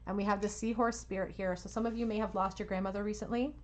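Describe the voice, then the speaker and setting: A woman giving a pick-a-card tarot reading at home, soothing and reassuring, with soft laughs. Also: mid-range voice, steady tone, quick pace. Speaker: tarot reader.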